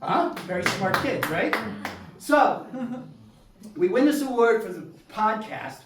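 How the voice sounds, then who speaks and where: A man performing a solo stand-up storytelling set on a small theater stage, animated and jumping to loud exclaimed punchlines. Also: sits high, slow pace, noisy background. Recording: roomy stage sound from far off.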